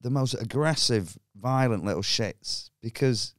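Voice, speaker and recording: A man chatting as a comedian guest on a podcast, an animated storyteller who acts out scenes. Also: medium pitch, unhurried, no room sound, clean studio sound. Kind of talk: casual podcast chat.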